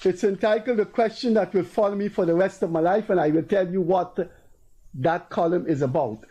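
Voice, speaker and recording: Guyanese male host, high-pitched but mellow, emphatic storyteller. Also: a little fast, breathy edge, poor audio. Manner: storytelling, acting out quoted people in a raised voice. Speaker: talk show host. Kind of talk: casual political commentary.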